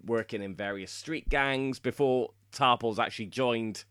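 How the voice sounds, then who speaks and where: A man's voice: medium pitch, measured pace, fairly bright tone, clean tone, no echo, clean studio sound. A man co-hosting a podcast, explaining lore in casual chat and laughing often. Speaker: podcast co-host.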